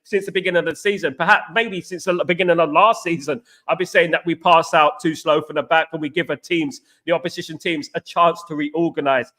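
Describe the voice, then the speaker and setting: A man with a fairly high voice hosts a football live stream. He rants with passion and repeats his points while he works through viewer comments. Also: steady tone, brisk, few pauses, pushed and bright. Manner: passionate, repetitive ranting. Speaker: football channel host.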